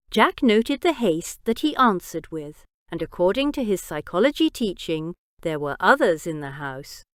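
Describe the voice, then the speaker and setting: A woman narrates a crime story in storybook style. She reads slowly, with a lively rising and falling pitch. The recording is clean and dry. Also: no echo.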